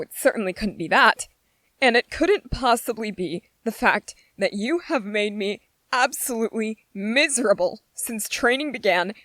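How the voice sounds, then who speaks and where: A woman's voice: fairly high pitch, fairly bright tone, no echo. A woman voicing an irritable young male soldier trainee in a whispered role-play, speaking with biting sarcasm and strained patience.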